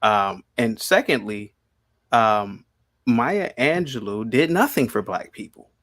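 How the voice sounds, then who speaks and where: A man's voice: mid-range voice, lively intonation, takes it slowly, fairly bright tone. A man hosting a heated live-stream debate, combative and repeating his questions insistently. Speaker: podcast host.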